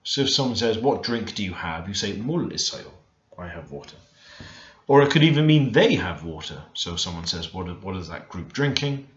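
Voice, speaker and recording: A man teaching beginner vocabulary in a relaxed, thinking-aloud way, often stopping to correct himself. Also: low voice, a little fast. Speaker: language learner teaching Korean. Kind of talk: screen-recorded language lesson. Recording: roomy, dull lo-fi screen recording.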